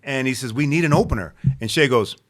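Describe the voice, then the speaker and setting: A man from Omaha spins lively stories in a bright, forceful voice at a middle pitch. He is a podcast guest who often slips into other people's lines as he goes. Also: fast talker. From Omaha, Nebraska. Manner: animated anecdote-telling, acting out other people's lines. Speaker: podcast guest, actor and comedian. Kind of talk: casual storytelling.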